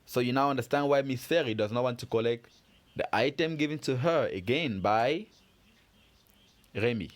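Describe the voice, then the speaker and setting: A man's voice: mid-range voice, normal speed, pauses often. A man teaching a French pronunciation lesson, explaining step by step in a patient, methodical way and quizzing his learners as he goes. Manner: patient, methodical, asks learners questions and answers them.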